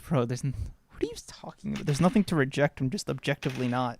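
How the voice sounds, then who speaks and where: A man's voice: mid-range voice, expressive, fast talker, gravelly, a little hiss or hum. A man co-hosting a podcast, chatting casually with a lot of swearing and stammered repeats. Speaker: podcast co-host. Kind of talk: casual chat reacting to live chat.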